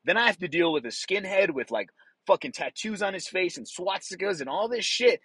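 A man's voice: sits high, expressive, fairly quick, fairly bright tone, husky, no echo, rough recording. A man, middle-aged, who speaks as a former police officer in a casual monologue, blunt and profane, acting out the voices he quotes.

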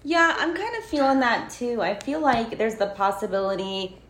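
A woman's voice: on the high side, animated, moderate pace, fairly bright tone. A woman discussing a film casually, thinking aloud with frequent restarts. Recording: roomy echo.

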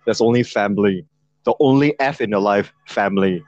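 A man's voice: on the low side, fairly quick, darkish tone, highs cut off. A man co-hosting a casual podcast, joking crudely and swearing a lot. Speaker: podcast co-host. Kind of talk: casual chat.

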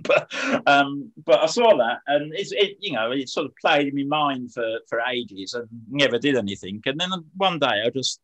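Male poet and slam host, mid-pitched, loose self-deprecating interview talk. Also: a bit bright, rough recording. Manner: rambling, self-deprecating, frequent restarts. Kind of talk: casual interview chat.

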